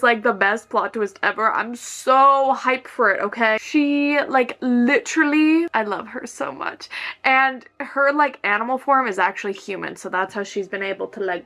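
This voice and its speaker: Bright, excitable woman book vlogger. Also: a little high. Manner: excitable, gushing, bursts of quick talk. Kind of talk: casual reading vlog.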